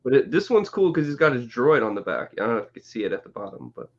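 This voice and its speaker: A man co-hosting a casual live-streamed chat, relaxed and laid-back. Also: mid-range voice, rapid-fire, muffled recording. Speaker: podcast co-host.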